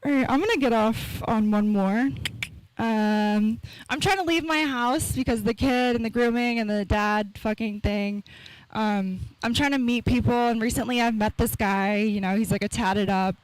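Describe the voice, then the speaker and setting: A woman doing a stand-up set in a small live comedy room, rambling and deadpan, with self-mocking asides into a stage mic. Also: on the high side, normal speed, clean tone, no room sound, low-quality recording.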